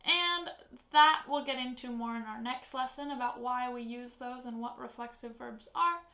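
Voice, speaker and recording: Woman teacher going over verbs, high voice, echoey room. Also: pushed and bright. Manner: clear, slow, patient explanation with example phrases. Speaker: Spanish teacher. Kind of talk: online language lesson.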